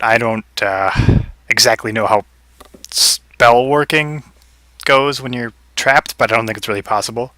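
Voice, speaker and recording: Man game master, easygoing, filler-heavy, very bright tone, dry close sound. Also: medium pitch, no room sound. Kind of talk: narrating a tabletop game.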